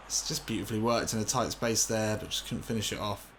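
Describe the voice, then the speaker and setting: A man commentating on his own football video game session, excitable and swearing, shouting when things go wrong. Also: lowish voice, moderate pace, a little hiss or hum. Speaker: gaming commentator.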